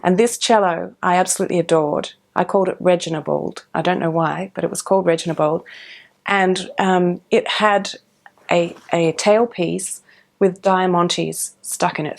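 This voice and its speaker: A woman's voice: on the low side, vocal fry. A middle-aged woman, a professional cellist, telling her story in an interview with many ums and restarts. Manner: warm, animated, with frequent ums and restarts.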